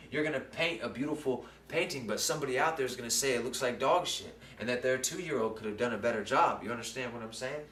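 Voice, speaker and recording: A man's voice: medium pitch, fairly bright tone. Rambling man, echoey and far from mic. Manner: rambling, keeps asking "you know what I'm saying?". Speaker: channel host. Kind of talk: casual musing monologue. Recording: roomy, distant mic, faint background noise.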